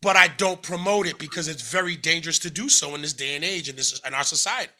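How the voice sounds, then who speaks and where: A man from the United States with a rather high, very bright voice tells his own story in an interview. He talks loosely, with lots of "like", restarts and acted-out quotes, and his tone carries a sharp edge. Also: fast talker. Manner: conversational, frequent fillers and self-corrections, acts out quoted speech. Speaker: interview guest. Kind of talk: candid personal storytelling.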